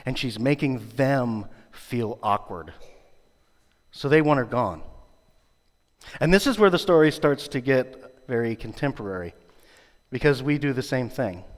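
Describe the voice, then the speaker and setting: A man delivers a sermon from the pulpit of a church, speaking in a middle-pitched voice. He presses his points with earnest, repeated phrasing. His words ring out with a long reverb from the sanctuary around him. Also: normal speed, a little mellow. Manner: earnest, rhetorical repetition. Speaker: pastor.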